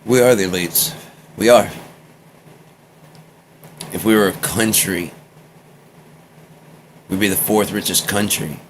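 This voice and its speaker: A man's voice: lowish voice, a bit bright, a little hiss or hum. An American man talking casually in a meandering, drifting monologue, trailing off and jumping between topics. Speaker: vlogger recording a personal journal.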